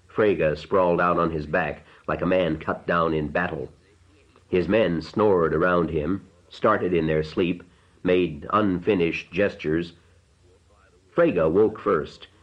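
A man reading an audiobook narration in a measured, unhurried way. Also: low voice, lo-fi sound.

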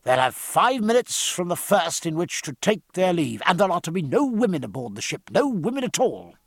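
A man voicing a ship's captain giving loud, clipped orders to his crew in a storybook reading. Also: a little high, big pitch swings, a little fast, gravelly, slightly rough, no echo, clean studio sound, heavily acted. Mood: commanding. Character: commanding male ship's captain addressing crew.

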